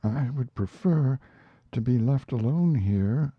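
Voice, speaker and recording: Man playing a withdrawn, stubborn young copyist, flat and quietly unyielding, storybook read. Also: medium pitch, slow pace, slightly rough, no echo, voice pushed up. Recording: dull lo-fi recording.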